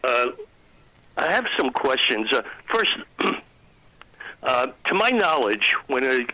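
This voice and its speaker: A man phones in to a talk show and works through his point haltingly, pausing often on "uh" and restarting sentences. His voice is bright and forward. The sound is close and dry. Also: mid-range voice, sing-song, dry recording, poor audio. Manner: halting, many ums and restarts. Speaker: caller. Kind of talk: phone-in opinion.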